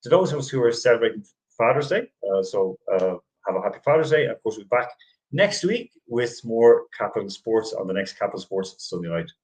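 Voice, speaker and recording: A man's voice: fairly low pitch, sing-song, brisk, darkish tone, poor audio. A middle-aged man hosting a casual sports chat show, rambling with frequent restarts and easy laughter. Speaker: host.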